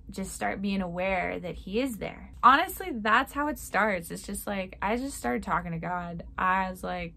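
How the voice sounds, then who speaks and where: A woman's voice: mid-range voice, gravelly, fairly bright tone. A woman giving a casual devotional talk. She speaks conversationally, says "like" a lot, and acts out prayers in a chirpy voice. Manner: chatty, conversational, often says "like". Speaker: Christian speaker.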